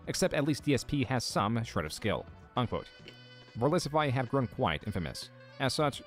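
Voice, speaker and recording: A man narrating a commentary video in a measured, scripted read, quoting posts. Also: medium pitch. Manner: measured, reads out quotes.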